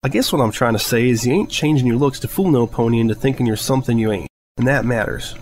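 A man's voice: medium pitch, fast talker, a little mellow, slight background noise, lightly acted. A man voicing a blunt, down-to-earth female farm pony who talks in a folksy rural way. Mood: earnest.

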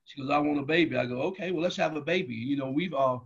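A middle-aged man, a guest in an interview, telling personal stories loudly and acting out the dialogue. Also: on the high side, quick pace, slightly rough. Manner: loud, animated, acts out dialogue in anecdotes. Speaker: guest, athletics staff member. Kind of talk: storytelling in an interview. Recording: muffled lo-fi audio.

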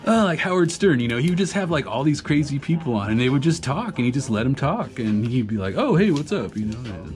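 A man's voice: mid-range voice, expressive, fairly quick. A man who is a graffiti artist, chatting casually to the camera about his markers and inks as he draws, rambling and laughing often. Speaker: graffiti artist reviewing art supplies. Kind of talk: casual talk to camera while drawing. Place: home art studio. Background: background music.

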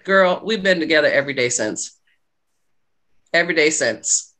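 A middle-aged woman with a bright, clear voice tells a personal story in a relaxed interview. She slips into the voices of the people in her story as she talks. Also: sits low, moderate pace. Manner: animated storyteller acting out quoted dialogue. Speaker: guest, love and life coach.

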